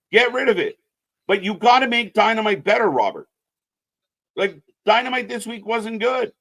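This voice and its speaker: A man's voice: fairly high pitch, a bit bright. A man co-hosting a live wrestling commentary stream, talking casually and bluntly, swearing and ranting with strong opinions.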